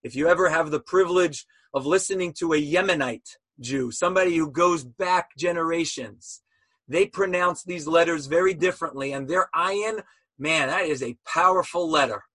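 A man's voice: fairly high pitch, normal speed, pushed and bright, husky, dry recording, rough recording. Passionate man teaching on a video call. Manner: passionate, rhetorical questions. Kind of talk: online lecture on Hebrew letters.

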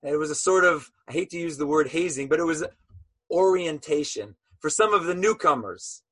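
A man's voice: on the high side, animated, a little fast, a bit bright, slightly rough. A man teaching a Torah lesson as a sermon, telling stories animatedly and asking rhetorical questions.

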